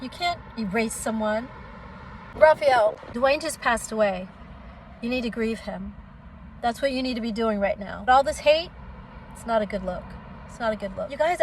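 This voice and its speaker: Indignant middle-aged woman, higher voice. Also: a little hiss or hum, rough recording. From Oakland, California, USA. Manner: indignant and direct, addresses viewers as y'all. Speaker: singer and vlogger. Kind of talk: candid commentary vlog.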